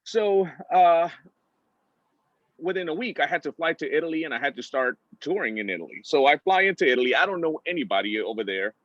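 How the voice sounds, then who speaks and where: Talking a little fast, a middle-aged entertainment director gives a personal storytelling talk as a guest speaker. His animated delivery is packed with "uh" fillers and restarts, and he impersonates others with big pitch jumps, all in a dry, dull, slightly muffled recording.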